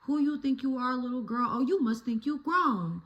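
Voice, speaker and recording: A woman's voice: high-pitched, expressive, normal speed, dull audio, voice pushed up. A woman acting out an angry adult female neighbor who is cussing out noisy kids and repeating herself. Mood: contemptuous. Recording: roomy phone recording.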